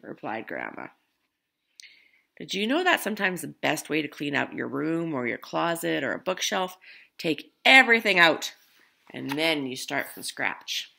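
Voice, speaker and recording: A woman's voice: sits low, vocal fry. A woman reading a picture book aloud to children, chatting to her young listeners between pages. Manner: warm asides to young listeners, light laughs. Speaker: storybook reader.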